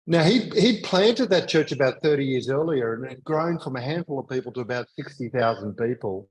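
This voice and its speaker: A man with an Australian accent, speaking as a guest in a conversational interview, measured and thoughtful with some light humor. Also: mid-range voice, lively intonation, slight background noise, low-quality recording. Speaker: guest, mission leader and teacher.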